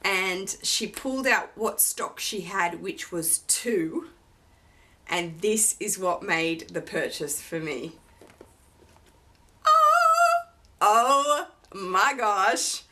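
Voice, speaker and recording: Slow, gushing woman unboxing a handbag. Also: lowish voice, noisy background. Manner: gushing, effusive. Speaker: vlogger.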